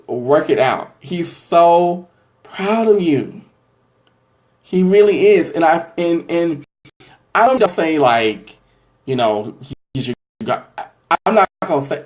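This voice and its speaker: Male tarot-reader host on a live stream, chatty, affectionate, quick to gush with thanks. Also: a little high, a little mellow. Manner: affectionate, calls viewers y'all and honey; gushing and effusive with thanks. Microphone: livestream from a phone or webcam.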